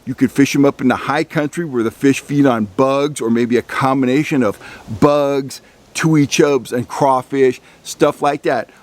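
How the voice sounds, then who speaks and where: A man's voice: medium pitch, steady tone, a little slow. A middle-aged man hosting a fishing channel, giving a folksy, loosely paced lesson and often repeating words as he thinks. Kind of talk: instructional talk to camera.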